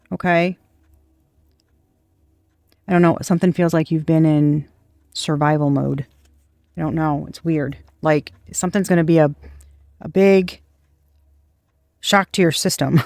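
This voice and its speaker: A tarot reader giving a casual, rambling intuitive reading straight to viewers, with soft laughs and the odd swear word. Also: medium pitch, no room sound, clean studio sound. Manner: rambling, chatty, speaks to unseen viewers.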